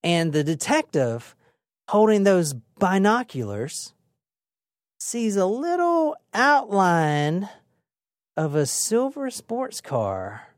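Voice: mid-range voice, slow, no echo, clean studio sound. A podcast co-host retelling a true crime case in a casual, dramatic way, with frequent swearing. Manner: animated, profane, dramatic retelling.

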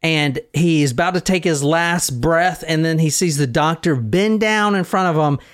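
Guy hosting a podcast, swearing and laughing through a story, kinda high voice for a man. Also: moderate pace. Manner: profane, animated storyteller who laughs often. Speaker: podcast host. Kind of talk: casual storytelling chat.

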